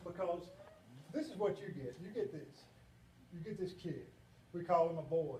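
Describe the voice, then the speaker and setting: Guy telling funny school stories at a banquet, warm low-key tone, roomy hall hum. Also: normal speed. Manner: humorous storytelling, animated quoted voices. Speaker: speaker at a banquet. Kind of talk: conversational presentation. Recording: echoey hall with faint ambience.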